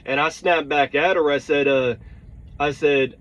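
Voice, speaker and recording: A man tells a heated, blunt story, his voice sitting a bit higher than most. He swears freely and keeps checking in with his listeners. The recording is dull and lo-fi. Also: fairly even intonation, moderate pace, fairly bright tone. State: tired. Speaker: truck driver. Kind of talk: storytelling vlog rant.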